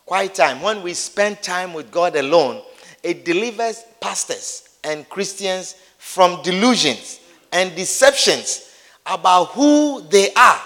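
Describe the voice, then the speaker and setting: A man with a high voice preaches a sermon in a church hall. He plays out little everyday scenes and hammers his points home by repeating them, and long reverb trails behind each phrase. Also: animated, slow, pushed and bright.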